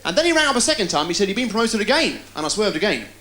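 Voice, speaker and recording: A man doing stand-up, firing off deadpan one-liners and puns. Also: high voice. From England. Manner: rapid-fire deadpan puns with quick delivery. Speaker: stand-up comedian. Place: live TV studio with a laughing audience. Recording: loud crowd laughter, noisy 1990s TV broadcast.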